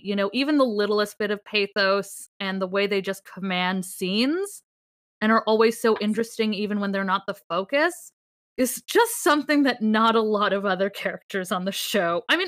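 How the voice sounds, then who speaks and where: Bright, dry-voiced woman chatting excitedly. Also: mid-range voice, dry recording. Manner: enthusiastic, rambling, laughs often. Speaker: podcast co-host. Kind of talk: casual chat.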